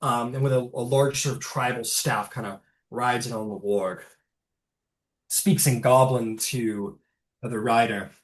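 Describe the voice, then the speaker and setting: A man's voice: medium pitch, fairly even intonation, measured pace. A man narrating a tabletop game as game master, rambling loosely with fillers and swearing. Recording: roomy, distant mic.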